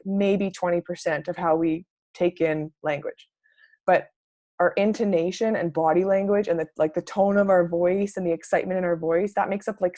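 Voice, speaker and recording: A young adult woman giving a casual, upbeat coaching talk, chatty and full of "like", acting out sample messages in a brighter voice. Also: medium pitch, dry recording. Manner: peppered with "like" and mild swearing. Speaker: network marketing coach. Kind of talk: casual live training talk.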